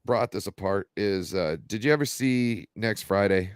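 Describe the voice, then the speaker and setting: A man's voice: fairly low pitch, moderate pace, clean tone, dry recording, clean studio sound. A man co-hosting a casual sports talk show, telling rambling stories with lots of fillers. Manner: rambling, animated storyteller with many fillers. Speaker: podcast co-host.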